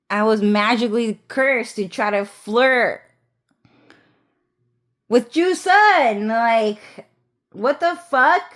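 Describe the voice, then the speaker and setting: A woman rambling through a personal story in a casual vlog, swearing often, laughing, and restarting her sentences. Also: fairly high pitch. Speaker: vlogger.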